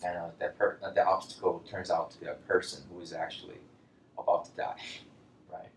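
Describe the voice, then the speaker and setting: Relaxed male teacher in a roomy space. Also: low voice, fairly quick, distant mic. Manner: loose and chatty, many fillers, animated when quoting phrases. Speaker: Korean language teacher. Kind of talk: casual classroom lesson. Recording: roomy, from off-mic, faint background noise.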